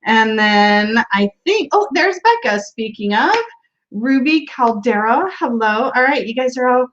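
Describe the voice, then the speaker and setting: A woman's voice: fairly high pitch, unhurried, fairly bright tone, highs cut off. A woman hosting a casual tarot livestream from a room at home, greeting viewers by name and laughing often.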